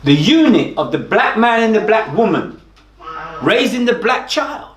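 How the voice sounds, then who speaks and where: A man speaking emphatically in an animated group discussion, expressive and lively. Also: high voice, a little slow. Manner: emphatic, expressive, acts out quotes. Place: meeting room with listeners. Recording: echoey room with a group around.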